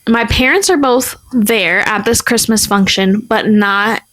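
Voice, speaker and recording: A young woman co-hosting a podcast, telling a family story in a casual, animated way with lots of fillers. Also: fairly high pitch, a little slow. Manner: animated, acts out quoted people, many fillers. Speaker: podcast co-host.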